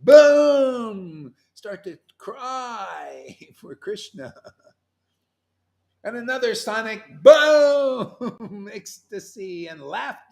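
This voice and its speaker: Man, high voice, fiery mocking preacher who yells and laughs. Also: sing-song, drawn-out words, creaky. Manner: loud and mocking, yelling at times, laughing. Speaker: spiritual teacher. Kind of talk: animated sermon.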